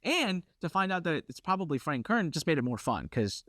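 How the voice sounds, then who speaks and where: A man's voice: on the high side, a little fast, no echo, studio quality. Brash, competitive man telling stories. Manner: brash, competitive, animated storyteller. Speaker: workshop host. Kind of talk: live workshop storytelling.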